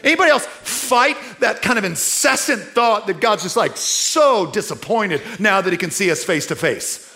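A man's voice: high voice, animated, normal speed, hardly any pauses, bright, forceful tone. A middle-aged man preaching a sermon in a conversational way, asking his listeners rhetorical questions. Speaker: pastor.

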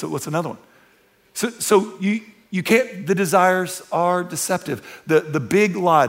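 A male pastor preaches in a church, his voice slightly high and gravelly. He talks to the congregation like friends, repeating phrases for emphasis. He swings between quiet, intimate asides and loud, driving peaks. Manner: conversational, repeats and restarts for emphasis. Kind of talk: sermon. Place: church sanctuary.

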